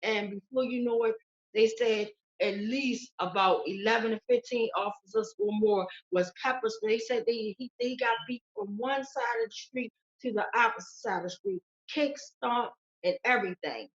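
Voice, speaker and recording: A woman's voice: on the high side, normal speed, lo-fi sound. A woman guest giving urgent, emotional testimony in an interview, pleading and repeating phrases. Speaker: interview guest, victim's sister.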